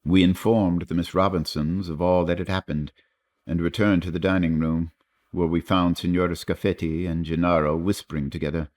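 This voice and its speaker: A male audiobook narrator reads a classic tale in a measured, literary way. His voice is very low and deep. The delivery is steady and scripted.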